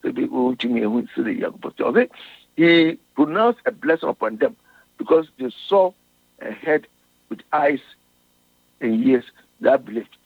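A man's voice: mid-range voice, sing-song, creaky, slightly rough, no echo. A man preaching a sermon. He reads scripture in English, explains it in Twi, and restarts often. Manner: halting, with frequent restarts. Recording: tinny radio broadcast.

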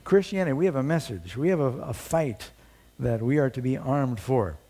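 A man's voice: medium pitch, animated, moderate pace, dark tone. A male preacher giving a sermon, retelling a story with dramatic storytelling and rhetorical questions.

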